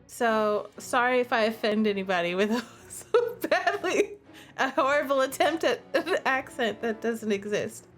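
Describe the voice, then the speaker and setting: Excitable young woman streaming a game. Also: measured pace, faint music behind. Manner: excitable and gushing, with big pitch jumps. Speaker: streamer playing a dating sim. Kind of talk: let's-play commentary and reading game text aloud.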